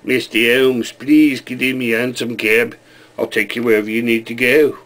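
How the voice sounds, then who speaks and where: A man voicing an obliging old hansom cab driver, brisk and chummy. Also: mid-range voice, little pitch movement, fairly bright tone, pitched above the performer's own voice, natural voice. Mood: eager. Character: old male London hansom cab driver, eager to please.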